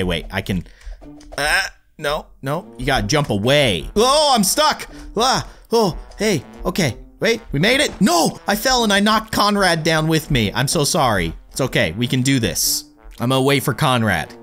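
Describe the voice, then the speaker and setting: A man giving excitable let's-play commentary as a gaming YouTuber, pleading with the game and cheering on a teammate. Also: medium pitch.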